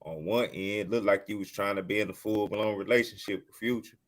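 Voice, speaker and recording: A man with a low voice joins a relaxed group conversation. He backs up the others and adds his own examples. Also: fairly quick. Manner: affirming, chimes in to agree. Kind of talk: casual group chat.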